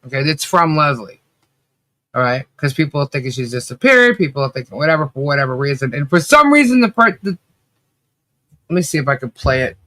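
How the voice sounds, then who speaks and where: In a dry recording, a deep-voiced woman co-hosts a podcast, chatting in a relaxed way. She's lively and laughs a lot as she shares stories.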